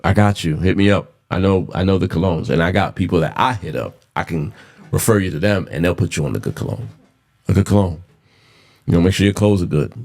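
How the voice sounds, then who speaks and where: A man's voice: low-pitched, lively intonation, fairly quick, creaky, darkish tone. A man in his thirties hosting a casual solo podcast, blunt and profane, repeating himself for emphasis. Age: 30s. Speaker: podcast host.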